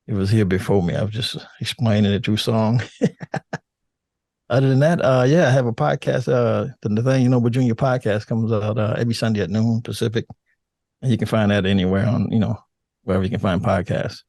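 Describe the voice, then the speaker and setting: Older man with a deep calm voice. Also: dry recording, clean studio sound. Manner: relaxed, laughing, halting restarts. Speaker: podcast guest. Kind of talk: casual interview chat.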